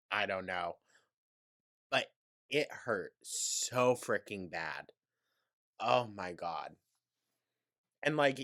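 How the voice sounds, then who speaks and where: Snarky, bright-voiced reaction commentator. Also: deep voice. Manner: snarky, mocking, profane asides. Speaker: commentary host.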